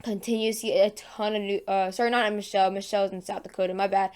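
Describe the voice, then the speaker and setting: A woman's voice: medium pitch, level tone, quick pace, a little mellow, smooth. A woman hosting a casual weather forecast vlog in her just-woken morning voice, chatty and full of fillers and self-corrections. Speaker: weather channel host.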